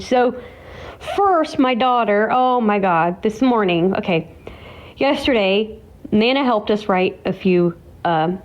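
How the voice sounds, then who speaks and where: A woman with a mid-range, slightly mellow voice hosts her own vlog, tearful and emotional. She rambles through casual chat full of restarts and exclamations, and the recording sounds dull and lo-fi.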